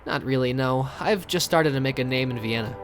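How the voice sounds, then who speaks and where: A man reading a calm young woman composer. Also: medium pitch, fairly quick, faint music behind, close to an everyday voice. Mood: gentle.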